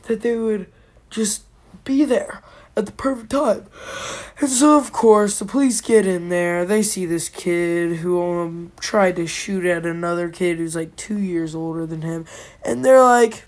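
A woman telling a rambling comic story, animated and breathless, with many repeated words, sudden drops to a whisper and siren noises. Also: medium pitch, measured pace. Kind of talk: comedic improvised story time.

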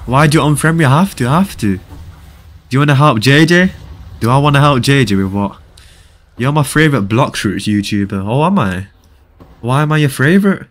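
A man's voice: medium pitch, brisk. A young man, chatting casually on a live game stream and bantering with viewers. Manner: casual, bantering, reads viewer chat aloud.

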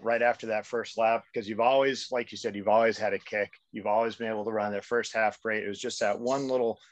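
A man with a mid-pitched voice adds his own observations during the interview, in a thoughtful and measured way. The recording is very dry, with no room sound at all. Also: no echo, highs cut off. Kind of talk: casual conversation.

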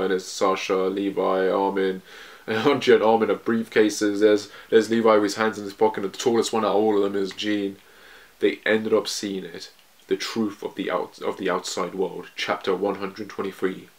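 A man casually reading a manga chapter aloud and reacting to it, quoting the characters and laughing often. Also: low-pitched.

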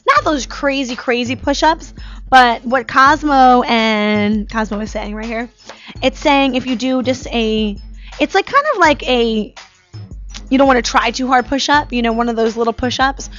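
Casual talk show lady, kinda high voice, lots of "like", muffled lo-fi stream audio. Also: normal speed, a bit bright, soft background music. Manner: chatty storyteller, full of "like" and "you know". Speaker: host. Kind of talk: casual chat. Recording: dull lo-fi live stream audio.

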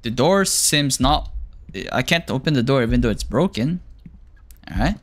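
A man's voice: mid-range voice, lively intonation, normal speed. A man giving horror game commentary, jumpy and panicky but joking and talking to himself as he plays. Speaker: gaming streamer.

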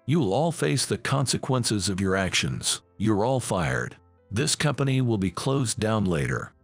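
A man's voice: on the low side, big pitch swings, a little slow, no room sound, faint music behind, exaggerated voice. A man reading the part of an older company president who is a remorseful father, in a storybook reading. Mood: stern. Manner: earnest, apologetic.

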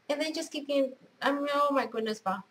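A middle-aged woman talks in a casual, gushing way, piling on praise words as she shows things off at home. Her voice sits a little high and rings bright and forceful. A faint hiss runs under it. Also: low-quality recording. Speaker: craft vlogger. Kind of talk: casual unboxing chat.

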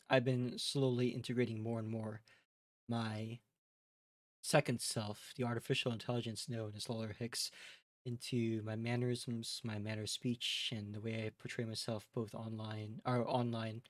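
Talking to his chat at a normal speed, this live streamer has a Midwestern American accent and a medium-pitched voice, staying relaxed and wandering a bit off topic. The audio is dry and clean, like a studio.

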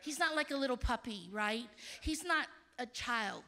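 A woman in her fifties giving an emphatic, animated conference sermon as a missionary speaker, at times dropping to hushed tones. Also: sits high, normal speed, few pauses. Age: 50s. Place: stage of a large conference hall.

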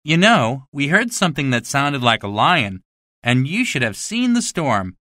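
A woman's voice: extremely low pitch, big pitch swings, measured pace, fairly bright tone, no echo, clean studio sound, voice pushed down, exaggerated voice. Tom, a bragging schoolboy voiced by a woman. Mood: boastful. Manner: swaggering, bragging. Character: boastful young schoolboy playing pirate. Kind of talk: storybook reading for learners.

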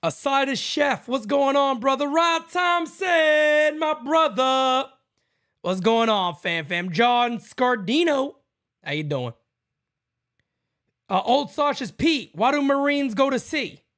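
A man hosting a fan livestream, calling a baseball game pitch by pitch in a casual, excitable way and chatting with viewers between plays. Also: unhurried. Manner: excitable, jumps to loud calls on big plays. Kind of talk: casual play-by-play with chat shout-outs.

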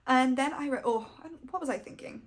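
A woman's voice: high voice, brisk. A young adult woman chatting casually about books she read, gushing and fangirly. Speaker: book vlogger. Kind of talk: casual book wrap-up chat.

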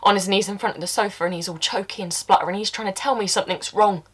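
A woman's voice: mid-range voice, steady tone, fast talker, husky, close to an everyday voice. An actress performing a stage monologue as a blunt, working-class woman who confesses to a killing, swearing and dropping into whispers.

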